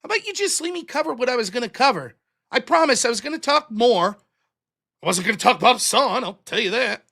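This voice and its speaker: A man hosting a live-streamed show, ranting through profane, mocking political commentary that swings from shouting to muttering. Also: very high-pitched, very animated, quick pace, gravelly.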